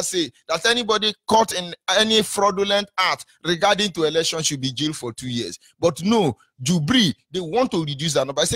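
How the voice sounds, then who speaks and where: A man's voice: a little high, animated, fairly quick, few pauses, bright, forceful tone, dry recording, studio quality. A man with a Nigerian accent hosting a call-in talk show, speaking in an impassioned, preachy, rallying way. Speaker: radio talk show host.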